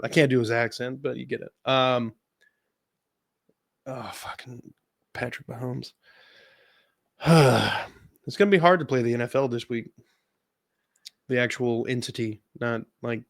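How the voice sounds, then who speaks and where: A man co-hosting a sports podcast in a relaxed, chatty way, laughing easily as he goes through stats. His voice sits at an ordinary pitch. The recording is dry and close. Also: creaky, no echo. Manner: relaxed, laughs often, stats-heavy rundown. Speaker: podcast co-host. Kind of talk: casual sports chat.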